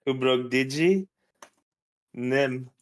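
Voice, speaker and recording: A man of middle pitch on a livestream who talks slowly. He is easily amused. He pokes skeptical questions at his friend. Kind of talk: casual chat on a livestream.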